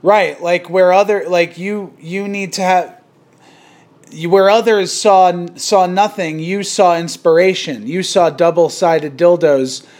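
A man's voice: high voice, fairly even intonation, a little slow, darkish tone. A man hosting a casual podcast chat, rambling with many restarts and frequent laughter. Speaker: podcast host.

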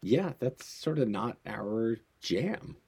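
A man's voice: medium pitch, sing-song, takes it slowly, creaky, darkish tone, slightly rough. A middle-aged man from the United States, co-hosting a podcast in a laid-back, playful way and laughing often. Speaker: podcast co-host. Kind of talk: casual chat.

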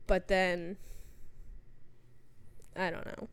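A woman's voice: on the low side, level tone, drawn-out words, smooth. A young woman co-hosting a podcast in casual chat, talking loosely with lots of "like" fillers and easy laughter. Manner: chatty, full of "like" fillers, laughs easily. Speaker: podcast co-host.

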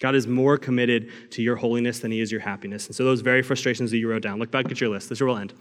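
Young pastor preaching in a reverberant hall. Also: male voice, medium pitch, fairly even intonation, rapid-fire. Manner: storytelling, rising to loud acted cries. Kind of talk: sermon. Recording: long reverb of a large hall.

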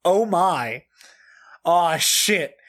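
A high-pitched man reads aloud with slow, drawn-out delivery and theatrical outrage. He swears freely and breaks into laughter often. His desk mic sits pushed back and turned down. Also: animated, fairly bright tone. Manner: profane, over-the-top and laughing often. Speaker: comedic reader. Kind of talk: dramatic comedic reading.

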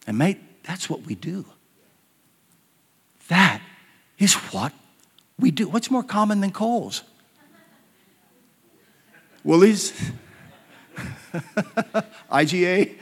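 Male pastor, slightly high voice, story-driven sermon with hushed and emphatic swings, long hall reverb. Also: animated, slow pace, long pauses. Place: church hall.

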